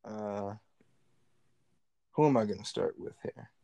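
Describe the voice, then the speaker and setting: A young man co-hosting a podcast in casual, animated chat, joking and swearing freely. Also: lowish voice, takes it slowly, creaky, dry recording. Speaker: podcast co-host.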